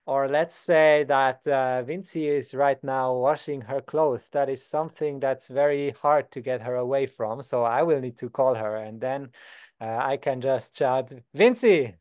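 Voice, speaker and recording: A young Swiss man teaching beginners basic German, calm and patient, slowing down to model each word. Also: mid-range voice, clear, resonant tone. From Switzerland. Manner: patient, slows down to model words. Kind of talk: beginner language lesson.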